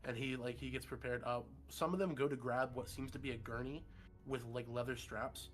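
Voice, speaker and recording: Guy game-mastering a horror campaign on a call, relaxed, lots of ums, faint music under. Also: mid-range voice, fairly quick. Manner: casual, loose, many fillers. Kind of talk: narrating a tabletop horror game.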